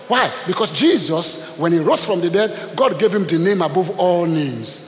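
A man's voice: a little high, lively intonation, unhurried. Preaching man in echoey church. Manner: call-and-response preaching, storytelling. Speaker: pastor. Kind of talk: sermon. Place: church hall. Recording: echoey hall with hiss.

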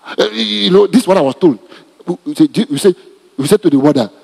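Male pastor, animated sermon delivery, husky tone, reverberant church. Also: high voice, brisk. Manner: animated preaching with laughs and repetitions. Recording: reverberant hall.

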